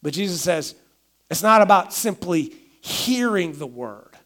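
A man's voice: high voice, animated, measured pace, a bit bright. A middle-aged man, a pastor, preaching a sermon in a conversational way, acting out everyday quotes.

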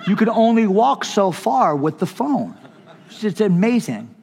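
A man's voice: sits high, big pitch swings, a little slow, a little mellow, husky, long reverb tail. A middle-aged man, a pastor, preaching a sermon in an impassioned, conversational storytelling way with touches of humor. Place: conference hall.

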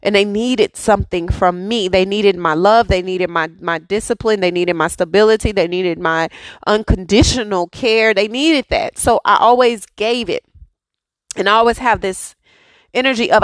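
A woman's voice: mid-range voice, normal speed, no echo, poor audio. A woman in her thirties hosting a devotional podcast, telling a personal testimony in a conversational way and often checking in with "okay?". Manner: storytelling, conversational, emphatic "okay?" asides.

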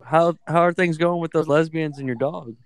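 A man's voice: a little high, moderate pace, clean tone, dry recording. A man joking around in casual podcast banter, swearing and tripping over his words. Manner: joking, profane, stumbles and repeats words. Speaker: podcast co-host.

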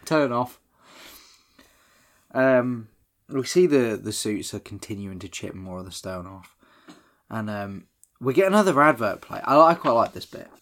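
Guy chatting about a movie, lively up-and-down voice, laughs a lot, swears. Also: fairly low pitch, moderate pace. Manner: laughs often, swears, acts out quoted lines. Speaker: podcast co-host. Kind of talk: casual film recap chat.

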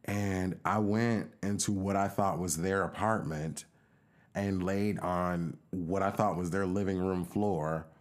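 A man's voice: low-pitched, takes it slowly. A man co-hosting a podcast, telling a long personal story in casual chat and acting out the voices of the people in it. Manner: animated storyteller, acts out quoted voices. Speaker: podcast co-host.

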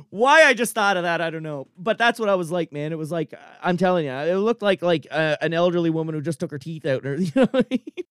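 A man from Cape Breton with a Cape Breton accent, telling a comic story in a casual, animated way, swearing, laughing often and filling with "like" and "I'm telling you.". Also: a little high, fairly quick, clear, resonant tone, dry recording, studio quality. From Cape Breton, Canada.

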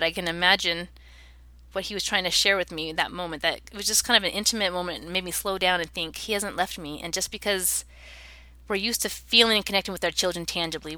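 Woman in her 30s sharing a personal story, lowish voice but bright and forceful, dry close sound. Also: dry recording. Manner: earnest and reflective. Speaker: interview guest.

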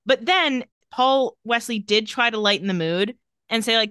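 A woman's voice: a little high, normal speed, fairly bright tone, clean tone, dry recording, studio quality. A woman co-hosting a casual podcast, recounting tweets with wry commentary. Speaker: podcast co-host.

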